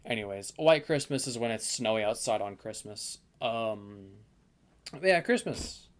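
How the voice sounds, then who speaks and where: A man's voice: on the low side, lively intonation, unhurried. A young man casually ranking the months of the year in a tier list, rambling and thinking aloud with lots of fillers. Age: young adult.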